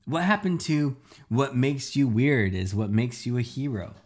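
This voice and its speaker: A man's voice: medium pitch, expressive, a little slow, darkish tone, pitched above the performer's own voice, natural voice. A man reading a storybook aloud, voicing a hurt young boy defending his father. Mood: upset. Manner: upset, protesting.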